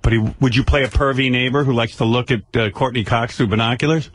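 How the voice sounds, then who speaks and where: A man's voice: mid-range voice, fairly even intonation, fast talker. A middle-aged man hosting a radio show, teasing and provoking his caller. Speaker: radio host. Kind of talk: casual radio talk.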